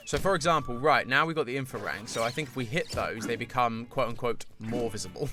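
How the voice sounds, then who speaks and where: A young man streaming a video game, chatting casually and self-mockingly with animated reactions. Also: mid-range voice, fast talker, music in the background. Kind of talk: live gameplay commentary.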